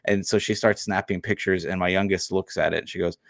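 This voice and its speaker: A man's voice: sits low, steady tone, fairly quick, vocal fry, fairly bright tone, dry recording, clean studio sound. A man co-hosting a parenting podcast, talking casually with many fillers and restarts. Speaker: podcast co-host. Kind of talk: casual chat.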